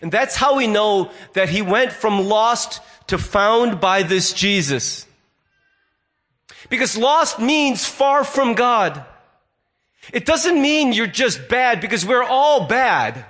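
High-voiced male preacher telling a story. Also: very animated, slow, fairly bright tone. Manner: storytelling, acts out voices in quotes. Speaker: pastor. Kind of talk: sermon.

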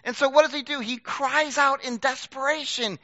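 A middle-aged man preaching a sermon in a conversational, self-deprecating way, swinging from loud bursts to hushed asides. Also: very high voice, fairly even intonation, moderate pace, no echo, muffled recording. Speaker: pastor.

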